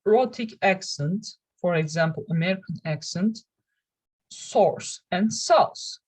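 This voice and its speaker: Slow, careful young woman presenting. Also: fairly low pitch, lively intonation, darkish tone, low-quality recording. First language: Turkish. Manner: careful, halting delivery with restarts. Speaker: student presenter. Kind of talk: reading a class presentation.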